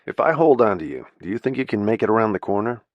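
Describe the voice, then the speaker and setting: A man's voice: lowish voice, expressive, fast, no echo, muffled recording, lightly acted. A man voicing a male lawyer who talks in a firm, reassuring way. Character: male lawyer, calm gallant rescuer.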